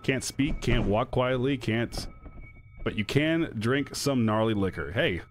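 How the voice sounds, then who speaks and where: Animated, swearing streamer man. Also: medium pitch, unhurried, slight background noise. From Michigan. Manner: excitable, swears a lot, laughs often. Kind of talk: gaming stream chat.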